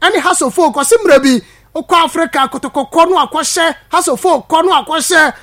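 A man with a Ghanaian accent presenting sports news, lively, switching between his local language and English. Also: extremely high pitch, moderate pace. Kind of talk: news commentary.

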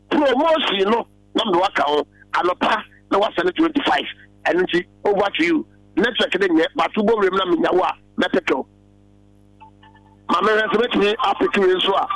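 A Ghanaian man hosting a casual call-in talk about lotto numbers, chatty, taking callers and slowly repeating a phone number. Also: high voice, a bit bright, dry recording, rough recording. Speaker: lotto tipster show host.

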